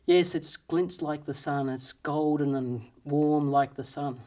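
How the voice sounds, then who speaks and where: A man's voice: on the high side, a little slow, darkish tone, natural voice. A boastful knight from a told fable speaks in a grand, admiring manner. A man puts him on as a simple storybook voice.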